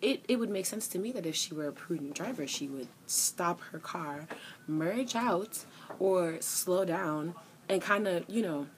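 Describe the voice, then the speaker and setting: A woman's voice: on the low side, expressive, a little slow, a little hiss or hum, rough recording. Exasperated young New woman ranting. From New York. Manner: exasperated storytelling, acts out both sides of an argument in raised voices. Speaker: vlogger. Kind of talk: casual rant to camera.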